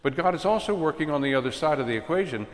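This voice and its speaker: A man preaching a sermon with emphatic swings between loud and soft. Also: a little high, animated, fast talker. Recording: long hall reverb.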